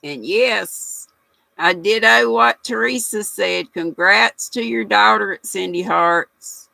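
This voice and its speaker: A woman's voice: mid-range voice, takes it slowly, gravelly, pushed and bright, no room sound, low-quality recording. An older woman hosting a casual livestream, chatty and folksy, reading viewer comments aloud and laughing often. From United States. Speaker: livestream host.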